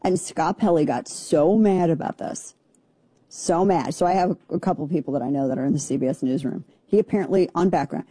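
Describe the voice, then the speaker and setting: A woman's voice: sits low, a little fast, dark tone, husky, no echo. A woman giving casual opinion commentary in an opinionated, sarcastic way.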